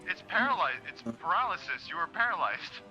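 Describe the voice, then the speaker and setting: Very bright, animated gamer man. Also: high-pitched, a little fast, lo-fi sound, soft background music. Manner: animated, laughing, repeats himself. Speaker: player. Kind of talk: casual tabletop play.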